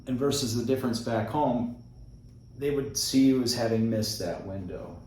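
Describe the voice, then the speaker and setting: A man's voice: medium pitch, moderate pace, darkish tone, a little hiss or hum. A man hosting an interview, speaking in an earnest, reflective way. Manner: earnest, reflective, many short affirmations. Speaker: host. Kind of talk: conversational interview. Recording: very echoey, distant mic.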